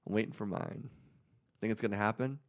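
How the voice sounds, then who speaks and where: Gravelly low-voiced joking man. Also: brisk. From Arizona. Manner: joking, sarcastic banter. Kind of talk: casual chat.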